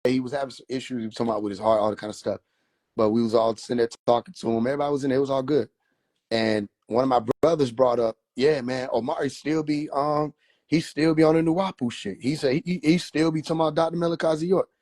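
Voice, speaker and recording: A man's voice: mid-range voice, fairly even intonation, racing, darkish tone, no echo, studio quality. A man telling a loose, profane story on a phone livestream, laughing often as he talks. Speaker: livestream host.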